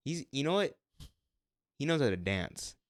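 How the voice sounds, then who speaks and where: A man co-hosting a podcast in casual chat, joking and stammering when excited. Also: medium pitch, normal speed. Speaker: podcast co-host.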